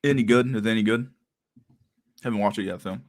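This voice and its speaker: Laid-back low-voiced young man. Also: quick pace. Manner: laid-back, crude, laughing often, mumbling to himself. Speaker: streamer reading chat. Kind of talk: casual livestream chat.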